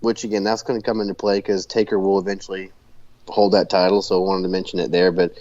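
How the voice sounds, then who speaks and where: A man with a very low voice co-hosts a podcast, recapping in loose casual chat. He rambles along with plenty of fillers and restarts. The audio is dull, muffled and dry. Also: level tone, fast talker, darkish tone, no echo. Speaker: podcast co-host.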